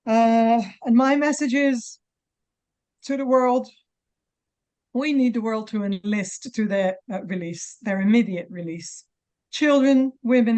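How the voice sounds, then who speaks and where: A woman, a mother of hostages making an emotional, halting appeal at a press conference, near tears. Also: a little high, darkish tone. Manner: halting, many pauses and restarts.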